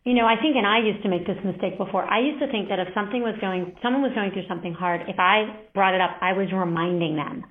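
A woman giving an earnest, reflective interview answer, speaking in a measured way. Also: mid-range voice. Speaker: interview guest. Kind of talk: candid interview talk. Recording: band-limited phone-like sound.

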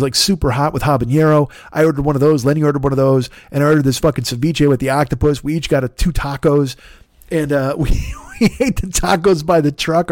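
Man, podcast host, rapid casual storytelling, cursing, dry close sound. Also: fairly high pitch, dry recording. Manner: profane, animated anecdote with quoted dialogue.

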